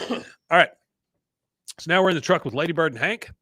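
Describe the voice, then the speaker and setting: A man's voice: on the high side, normal speed, bright, forceful tone, no room sound. A man hosting a podcast, recapping a show in a loose, chuckling storytelling way. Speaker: podcast host. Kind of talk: casual episode recap.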